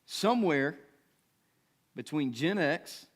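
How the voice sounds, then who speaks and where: A man's voice: fairly high pitch, expressive, takes it slowly. A man in his thirties, a pastor, preaching in a conversational way, asking the congregation questions and checking in with them. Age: 30s. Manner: conversational preaching with rhetorical questions and frequent "right?". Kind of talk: sermon.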